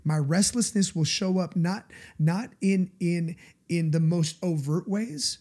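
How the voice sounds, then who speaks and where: A man's voice: high voice, takes it slowly, dark tone. A male pastor giving a conversational sermon, earnest and confessional, often turning to the listeners for agreement.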